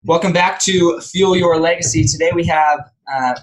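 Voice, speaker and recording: A man's voice: fairly high pitch, steady tone, normal speed, rough recording. A man hosting a podcast, introducing his guest in an upbeat, grateful way. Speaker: podcast host. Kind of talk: casual interview introduction.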